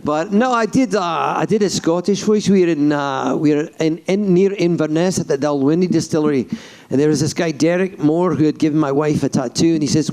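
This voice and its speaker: A man, a voice actor on a convention panel, telling animated stories and jumping into character voices mid-story. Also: fairly high pitch, normal speed.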